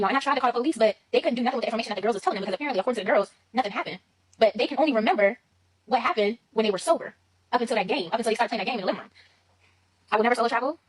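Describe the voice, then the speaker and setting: A woman in her twenties telling a story in a casual, animated and emphatic way, talking straight to her listeners. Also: mid-range voice, poor audio. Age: 20s. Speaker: guest storyteller.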